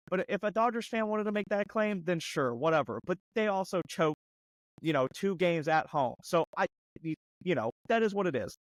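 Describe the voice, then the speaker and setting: Man, sports podcast rant, fired-up and mocking, slightly high voice, dry close mic, voice fraying. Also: dry recording. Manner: fired-up, mocking, rapid-fire rhetorical questions. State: losing his voice. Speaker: podcast co-host.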